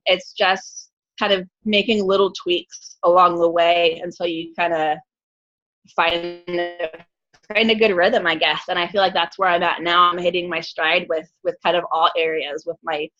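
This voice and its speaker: A woman's voice: fairly low pitch, fairly bright tone, muffled recording. A woman guest answering interview questions on a video call, hesitant with frequent ums and restarts. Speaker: guest coach.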